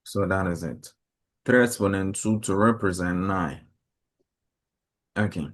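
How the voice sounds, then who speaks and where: A man with a lowish voice leads a classroom math lesson. He explains each step plainly and keeps asking the class questions. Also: a little slow. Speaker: teacher.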